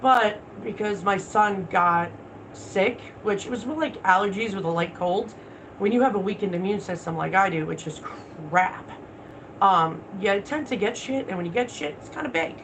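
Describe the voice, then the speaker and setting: A woman livestreams casually in a mid-range voice at normal speed, with a noisy background behind her. Blunt and profane, she answers the comments her viewers post.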